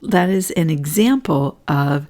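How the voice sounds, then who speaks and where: A hoarse woman hosting a casual livestream talk, chatty, often laughing and clearing her throat. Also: deep voice, animated, a little slow, warm tone. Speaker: host presenting Schumann resonance readings.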